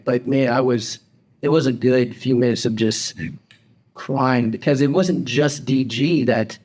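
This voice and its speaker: A middle-aged man co-hosting a podcast, telling a personal story in a halting way with many restarts. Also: medium pitch, steady tone, a little mellow. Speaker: podcast co-host. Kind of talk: casual podcast chat.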